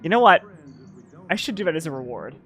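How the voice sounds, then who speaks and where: Excitable bright-voiced male streamer. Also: on the high side, fast talker. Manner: excitable, swearing, mocking rants. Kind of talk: casual gameplay commentary.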